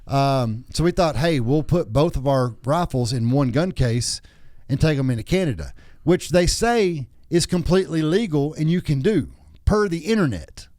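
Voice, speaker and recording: This podcast host from Texas, a man in his thirties or forties, has a voice on the high side with lively intonation, a moderate pace, and a darkish tone. He tells stories in casual chat that's crude, jokey, and rambling, recorded dry at studio quality.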